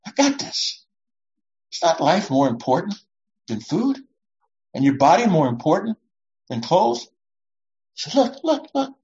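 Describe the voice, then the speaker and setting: A woman pastor delivers a conversational, reassuring sermon and slips into short voices to make her points. Her pitch rises and falls with lively range. The recording sounds dull and lo-fi. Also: unhurried, pauses often. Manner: warm, reassuring, often acts out voices.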